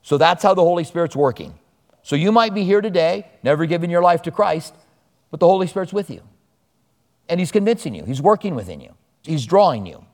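A man's voice: fairly high pitch, very animated, brisk, a little mellow. Man preaching in a reverberant hall. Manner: conversational preaching with personal stories. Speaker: pastor. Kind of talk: sermon. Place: church service before a congregation.

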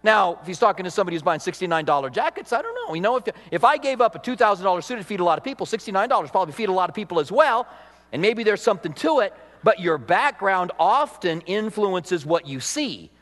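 A man's voice: sits high, sing-song, quick pace, a bit bright. A male pastor preaching a conversational sermon, joking at his own expense. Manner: conversational, self-deprecating, laughs at himself. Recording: long hall reverb.

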